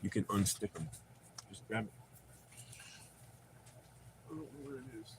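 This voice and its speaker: A man's voice: lowish voice, animated, normal speed, background noise. A man with a North Carolina accent hosting a casual livestream from home, rambling and joking with plenty of swearing. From not from North Carolina. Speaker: livestream host. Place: home with dogs.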